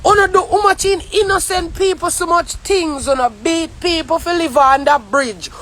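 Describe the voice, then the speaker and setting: A woman with a Jamaican accent in a heated, profane ranting monologue, often shouting. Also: very high-pitched, normal speed, a little hiss or hum. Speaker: vlogger.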